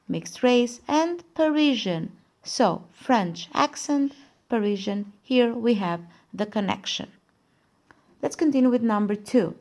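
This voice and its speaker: Slow, mellow-voiced woman teacher. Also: mid-range voice. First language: Albanian. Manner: slow, careful explaining, asks and answers her own questions. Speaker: English teacher. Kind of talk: recorded classroom lesson.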